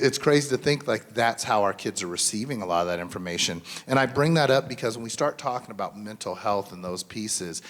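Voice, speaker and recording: A man in his thirties or forties speaking at a school mental health symposium, earnest and conversational with many fillers and restarts. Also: on the low side. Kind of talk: symposium panel talk. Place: school event.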